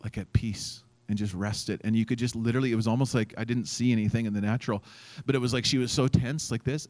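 A male pastor preaches from a church stage, telling a story with lots of energy. His pitch sits in the middle range for a man, and he acts out the quotes while filling his sentences with casual fillers. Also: fairly even intonation, fast talker, few pauses, a little mellow. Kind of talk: sermon storytelling.

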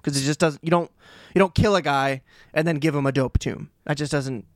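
A man's voice: fairly high pitch, fairly even intonation, a little fast, dry recording, clean studio sound. Slangy, joking man co-host. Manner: joking, slangy, talks things through aloud. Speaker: podcast co-host. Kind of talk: casual chat.

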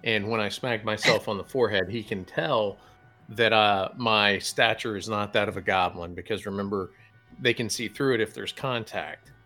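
A man playing a tabletop game, describing his actions in eager, animated casual chat. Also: lowish voice, moderate pace, faint music behind. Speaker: player.

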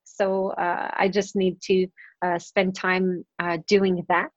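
A woman's voice: on the low side, level tone, takes it slowly, dry recording, dull audio. A woman guest talking casually in an interview, upbeat and chatty, with lots of "um" and "uh" fillers. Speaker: guest, confidence coach.

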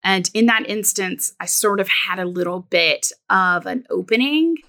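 Bright, gravelly-edged woman telling her story. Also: medium pitch, animated, normal speed. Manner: candid, reflective, many "you know" fillers. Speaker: business coach, guest. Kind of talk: personal storytelling in interview.

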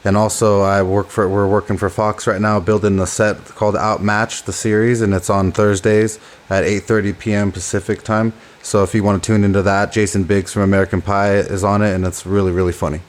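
A man's voice: on the low side, level tone, brisk, hardly any pauses. A man co-hosting a casual podcast, talking about fighters with enthusiasm. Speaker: podcast co-host.

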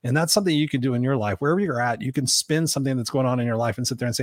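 A man's voice: medium pitch, very fast, dry recording, clean studio sound. A man hosting a live motivational talk show, speaking emphatically to his audience and swearing casually. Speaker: podcast host.

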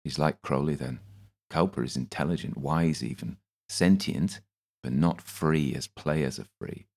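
Man, audiobook narration, first person, steady, very deep voice. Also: unhurried, creaky.

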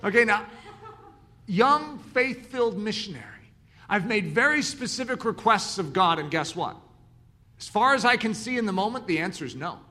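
A man's voice: high voice, normal speed. A man preaching a sermon, telling stories and acting out the voices of the people in them. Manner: animated storytelling, acts out dialogue.

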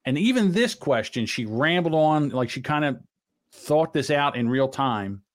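A man's voice: a little high, animated, measured pace. A man hosting a podcast in casual chat, rambling and blunt, swearing freely. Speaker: podcast host.

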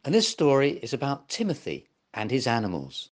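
An older man reading a children's story aloud as host, very expressive. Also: mid-range voice, brisk. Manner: warm, very expressive read-aloud delivery.

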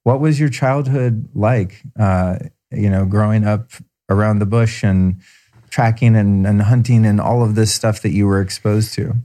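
Low, warm-voiced podcast host man. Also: fairly even intonation, a little slow. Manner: enthusiastic, effusive praise with fillers. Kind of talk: podcast intro and casual interview chat.

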